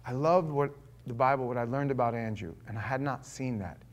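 A man in his forties preaching a sermon, animated, swinging from loud exclamations to hushed asides and acting out quotes. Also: mid-range voice, brisk, muffled recording. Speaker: pastor.

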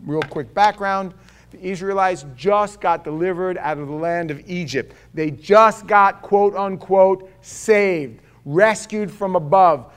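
High-pitched guy preaching, goes loud then drops real quiet, throws questions at the crowd. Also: slow, smooth. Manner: emphatic, swinging between loud declaration and quiet, low asides; rhetorical questions to the congregation. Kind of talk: sermon.

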